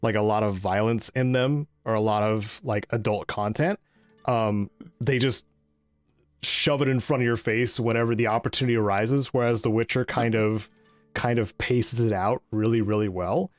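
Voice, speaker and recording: A man's voice: on the low side, steady tone, moderate pace, no echo, faint music behind. A man co-hosting a gaming podcast in casual chat, rambling with many ums and restarts. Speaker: podcast co-host.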